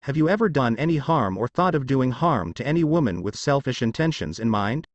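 Man voicing a suspicious young huntress, sharp, demanding, lively pitch. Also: a little fast, no echo, lightly acted.

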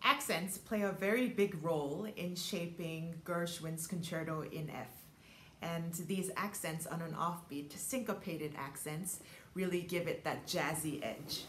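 This concert pianist, a woman, gives a thoughtful masterclass explanation, using lots of little ums and singing rhythms at times. She has a fairly low voice with a fairly bright tone and speaks a little slowly. Her lesson carries a roomy echo, piano playing, and slight background noise.

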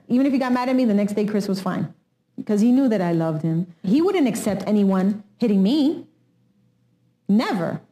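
A woman's voice: mid-range voice, warm tone. A woman in a documentary interview, telling a story in an earnest, emphatic way.

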